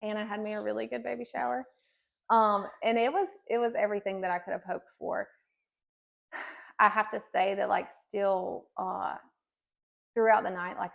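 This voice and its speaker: A woman's voice: mid-range voice, vocal fry, muffled recording. A woman in her thirties giving an earnest personal faith testimony as a podcast guest, telling her story with many casual fillers.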